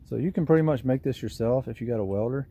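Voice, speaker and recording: Speaking fast in a dark-toned, medium-pitched voice, a Southern man who runs a lawn care business rambles through a DIY project next to his trailer with folksy self-deprecation. This casual how-to vlog is recorded on a camera mic with slight background noise.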